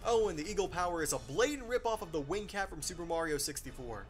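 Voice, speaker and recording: Fast, lively young-sounding man griping. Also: a little high. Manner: exasperated, sarcastic complaining. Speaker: game reviewer. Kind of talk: scripted video game review narration. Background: game music.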